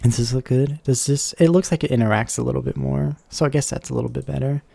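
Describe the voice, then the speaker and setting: A man's voice: mid-range voice, steady tone, fast, creaky, dark tone, no echo. A man chatting casually on a live stream, rambling and thinking aloud with lots of fillers and self-corrections, close to a desk microphone.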